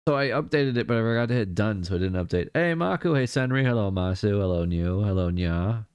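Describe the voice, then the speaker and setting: A man's voice: lowish voice, lively intonation, a little fast, a little mellow, clear, resonant tone, no room sound. A man streaming live, chatting casually and greeting viewers one by one. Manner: chatty, greets viewers by name, laughs easily.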